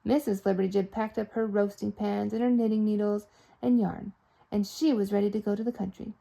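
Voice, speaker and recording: A woman reading a children's storybook aloud, expressive and playful with sound effects. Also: mid-range voice, a little fast, creaky. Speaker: storybook reader.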